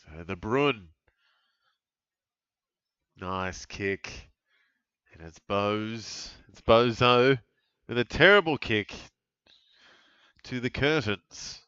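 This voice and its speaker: Aussie bloke, unhurried live footy commentary, smooth voice, dull muffled mic. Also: male voice, on the low side, no room sound. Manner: relaxed, chatty, bursts of excitement at big plays. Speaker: fantasy football streamer calling a live watch-along. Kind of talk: casual live game commentary.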